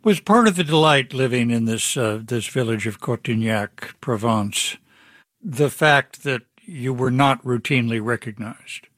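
A male host leads a broadcast interview with a mid-pitched voice. He asks his questions in a measured, considered way. The recording is close and dry. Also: lively intonation, a bit bright, no echo.

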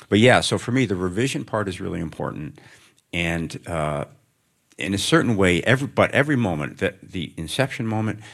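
A middle-aged man with a very low voice, speaking as an author in a live interview on stage. He muses thoughtfully and rambles, often restarting his sentences. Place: stage before student audience.

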